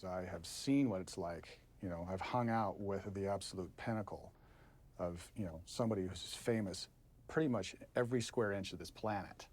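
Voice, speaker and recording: A man's voice: low-pitched, normal speed, darkish tone. A man speaking casually in an interview, rambling a little.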